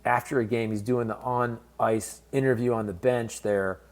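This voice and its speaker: A man's voice: medium pitch, steady tone, moderate pace. Conversational male sports commentator. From based in St. Louis. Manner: conversational, candid, fan-focused. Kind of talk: casual commentary vlog.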